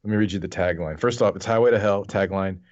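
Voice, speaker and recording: A man's voice: low voice, fast talker, a little mellow, lo-fi sound. A man co-hosting a podcast in casual chat, recapping a movie with wry, sarcastic asides. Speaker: podcast co-host.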